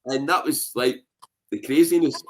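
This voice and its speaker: A Scottish man telling anecdotes in a casual interview, animated and full of "you know what I mean" fillers. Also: medium pitch, moderate pace, slight background noise. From Scotland. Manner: animated, acts out voices in his anecdotes. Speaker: interview guest.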